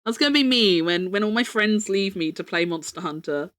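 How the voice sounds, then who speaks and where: A woman's voice: mid-range voice, expressive, brisk, fairly bright tone. A young woman streamer chatting casually, rambling, joking about herself and swearing freely.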